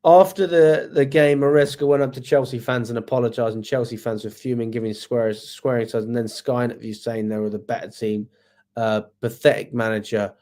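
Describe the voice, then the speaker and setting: A man's voice: mid-range voice, fairly even intonation, a little fast, dark tone. A man in a mid-range voice runs a live match review on a fan channel, answering viewer comments as he goes. He is exasperated and swears freely, firing off one rhetorical question after another. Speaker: football fan channel host.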